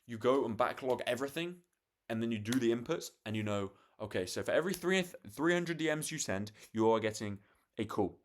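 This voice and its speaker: A man's voice: medium pitch, expressive, fairly quick, slight background noise. A young man, swearing freely and restarting sentences as he talks to camera late at night, acting out parts of a sales call. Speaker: vlogger.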